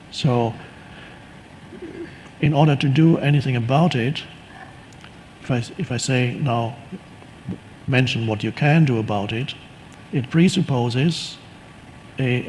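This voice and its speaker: A man giving a calm, unhurried spiritual teaching talk, reflective and often restarting his sentences. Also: medium pitch, slight background noise, poor audio.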